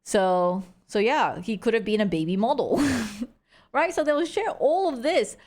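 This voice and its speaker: A woman's voice: a little high, lively intonation, measured pace, a little mellow. A young woman streamer in casual chat, talking loosely with many fillers and frequent laughter. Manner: chatty, giggly, full of "like" fillers. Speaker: livestreamer.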